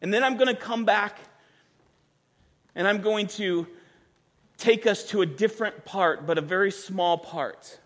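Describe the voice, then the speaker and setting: A man preaching a sermon, emphatic and repeating words for stress, building at times to near-shouts, in a church with a band. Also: high-pitched, unhurried, pauses often. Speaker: pastor. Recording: long reverb of a large hall.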